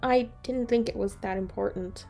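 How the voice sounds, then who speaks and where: A woman voicing a calm, secretive female troll. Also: medium pitch, normal speed, vocal fry, faint music behind, voice pushed up. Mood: defensive. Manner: calm, defensive.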